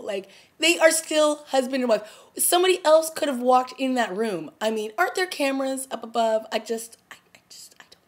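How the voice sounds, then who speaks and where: A young woman vlogger casually reviews a TV episode, animated and chatty, often laughing and acting out lines from scenes. Her pitch is medium.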